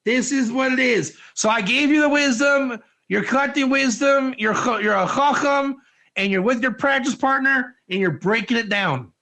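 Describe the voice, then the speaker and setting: A man giving an informal Torah class, energetic and joking, putting questions to his listeners in a classroom. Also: very high voice, moderate pace. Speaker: Torah teacher.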